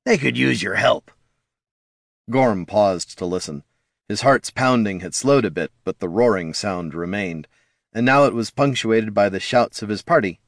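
A man narrating a fantasy audiobook in a lively, expressive reading style. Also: lowish voice, moderate pace, dry recording, clean studio sound.

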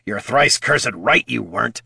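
A man voicing a gruff, clawed male creature who speaks bluntly. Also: medium pitch, lively intonation, unhurried, sharp tone, no echo, clean studio sound, full character voice.

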